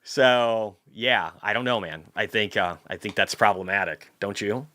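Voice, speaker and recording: Male stream host, bright forceful tone, lower-pitched, swears a lot, reads chat comments. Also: a little slow. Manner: profane, ranting, heated outbursts; reads viewer comments aloud. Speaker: market recap livestream host. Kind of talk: casual livestream commentary.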